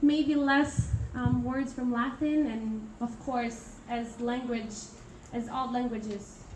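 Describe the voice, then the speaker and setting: A woman's voice: fairly high pitch, fairly even intonation, takes it slowly. A young woman from Italy giving a classroom presentation, hesitant and full of fillers and restarts. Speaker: international student presenter. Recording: echoey room from far off, noisy.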